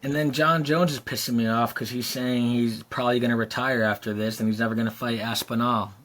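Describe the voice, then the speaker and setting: A man's voice: medium pitch, steady tone, a little fast, fairly bright tone. A young man co-hosting a podcast in casual chat, laid-back and saying "dude" often. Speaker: podcast co-host.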